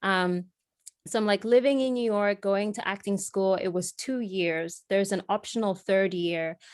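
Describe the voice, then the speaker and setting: A young woman's voice with an accent that drifts between British and American, recorded close and dry with no room around it. She is a podcast guest who tells her stories with energy and laughs easily. Her pitch sits in the middle range for a woman. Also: a little slow, no echo. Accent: mixed British and American. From Zimbabwe, raised in London and Beijing. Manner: lively storyteller, laughs easily, acts out quoted voices. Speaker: guest actor. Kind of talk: casual podcast interview.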